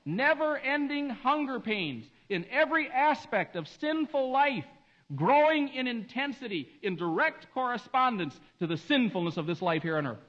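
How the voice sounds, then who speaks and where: Male preacher, high voice, dramatic hushed-to-emphatic sermon style, muffled lo-fi sound. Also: big pitch swings, normal speed. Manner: dramatic swings between hushed and emphatic delivery. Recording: dull lo-fi recording.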